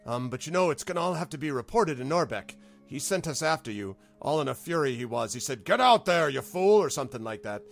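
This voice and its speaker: A brash, jolly warrior woman from a tabletop game, put on by a man, hearty and chummy, who calls everyone love. Her voice sits at a middling pitch and lifts a little above the game master's own speech. Faint music plays behind her. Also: animated, fast, creaky, few pauses.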